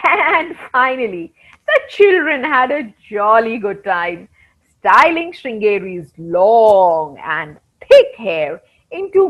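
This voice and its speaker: Animated woman storyteller for kids. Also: fairly high pitch. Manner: animated, addresses the children directly. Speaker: storyteller for children. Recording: dull lo-fi recording.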